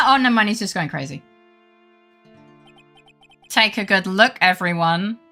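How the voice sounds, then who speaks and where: A woman's voice: mid-range voice, lively intonation, a little slow, pushed and bright, soft background music. A woman streamer giving playful, sarcastic commentary on a game, cursing casually.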